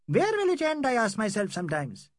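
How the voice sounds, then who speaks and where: A man's voice: high-pitched, huge pitch swings, fairly quick, no echo, studio quality, voice pushed up. A man voicing a fussy, nervous older male doctor who is flustered and indignant and speaks broken English. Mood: fussed.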